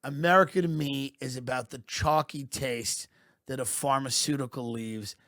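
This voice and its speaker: A man doing a satirical comic monologue as a podcast host, deadpan and mock-patriotic, sometimes building into loud rants. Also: medium pitch, moderate pace, no room sound, clean studio sound.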